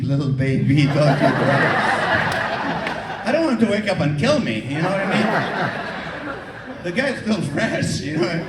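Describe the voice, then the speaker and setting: A man doing stand-up comedy, teasing the audience in an animated way, recorded live from the crowd. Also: high-pitched, distant mic, heavy background noise. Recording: echoey hall taped from the audience. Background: audience laughter.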